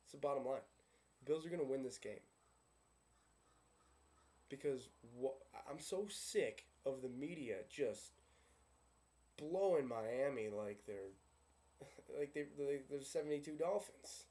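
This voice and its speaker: A man's voice: medium pitch, measured pace, long pauses, dark tone. A man giving a sarcastic, ranting fan preview of a football game, firing off questions and answering them himself. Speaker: sports vlogger. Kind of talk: casual fan rant.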